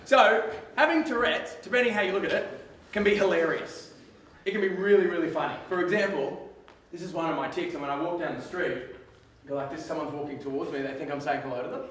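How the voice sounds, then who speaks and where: Far from the microphone in a big, echoing theatre, an Australian man in his twenties addresses school students with lively humor and drawn-out words. His slightly raised voice is on the high side, and faint room noise lingers behind him.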